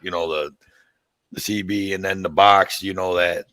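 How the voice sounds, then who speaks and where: A man's voice: deep voice, fairly even intonation, normal speed, pushed and bright, no echo, poor audio. A man hosting a podcast, telling stories in a rambling, profane, casual way. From Tennessee. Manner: rambling, profane, laughs at his own stories. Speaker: podcast host. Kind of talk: casual storytelling chat.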